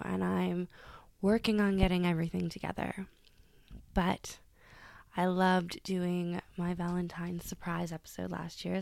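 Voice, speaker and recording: A woman's voice: on the low side, flat delivery, measured pace, gravelly, a little mellow, no room sound. A woman hosting her own solo podcast, chatting casually and laughing at herself as she reads quotes aloud. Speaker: podcast host.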